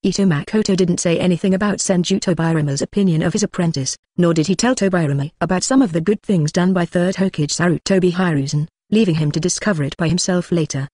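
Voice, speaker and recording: A text-to-speech audiobook narrator with an even, mechanical delivery who reads punctuation marks such as "question mark" aloud. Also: medium pitch, quick pace, few pauses, dry recording, studio quality.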